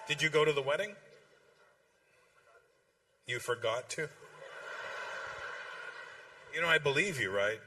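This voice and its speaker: Middle-aged guy comic roasting the crowd, bright forceful voice, faint room noise under it. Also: fairly high pitch, lively intonation. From Canada. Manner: teasing, quick back-and-forth with audience. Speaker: stand-up comedian. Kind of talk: stand-up crowd work.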